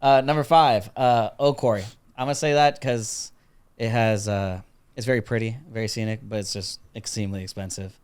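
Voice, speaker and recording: A man's voice: on the low side, steady tone, moderate pace, a little mellow, clean tone. Jokey young man in casual chat. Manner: jokey, chuckles while talking.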